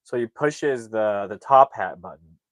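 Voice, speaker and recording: A man's voice: lowish voice, measured pace, no echo. Man rambling through a movie recap. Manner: rambling, animated retelling with acted-out quotes. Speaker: movie reviewer. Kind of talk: casual plot recap.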